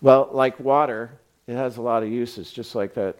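A man's voice: medium pitch, steady tone, moderate pace. A man preaching a sermon in a conversational, storytelling way, with frequent fillers. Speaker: pastor. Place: church sanctuary.

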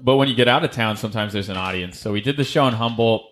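A young man, a stand-up comedian, telling a story on a podcast in a casual, animated way, acting out other people's voices. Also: fairly low pitch, fast talker.

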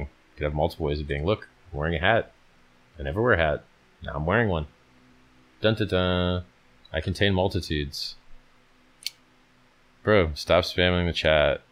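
Hosting a casual livestream, a man with a remarkably low, deep voice sounds tired as he reads chat questions aloud and answers them. He's blunt, loose, and conversational, swearing freely.

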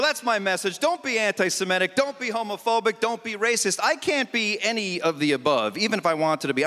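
A man doing a stand-up comedy set on a festival stage, animated and punchy with mock exasperation. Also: a little high, big-room sound.

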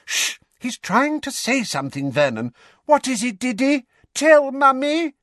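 A man voicing a shrill, fussing middle-aged mother in a storybook reading. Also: sing-song, a little slow, fairly bright tone, no echo, clean studio sound, heavily acted. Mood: frantic, shrill. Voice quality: high, shrill, fretful.

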